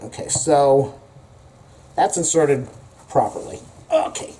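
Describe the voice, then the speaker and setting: A man giving a casual, joking product review at home, thinking out loud as he goes. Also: on the high side, lively intonation, takes it slowly. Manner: rambling, joking, thinks aloud. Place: home, corner by the front door. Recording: roomy, distant camera audio.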